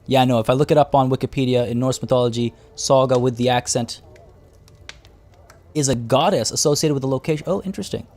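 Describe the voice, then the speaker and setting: A man's voice: medium pitch, fast, darkish tone, faint music behind. A man streaming a strategy game, talking casually to his chat as he plays. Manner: chatty, thinking aloud and answering chat. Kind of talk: casual live-stream commentary.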